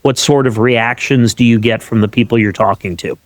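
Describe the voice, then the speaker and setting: A man of ordinary pitch hosts a podcast in a casual, upbeat chat. He often repeats his words as he thinks aloud. His voice is close-miked and dry, with no room sound. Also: fairly quick, no room sound. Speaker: podcast host.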